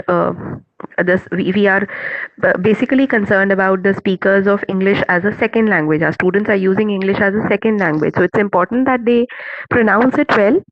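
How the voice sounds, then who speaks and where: A woman with an Indian accent leads an online teacher-training session at a steady, earnest pace, restarting her sentences often. Her voice comes through dull, lo-fi call audio with no room echo. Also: mid-range voice. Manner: earnest, measured, with many fillers and restarts. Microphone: video call.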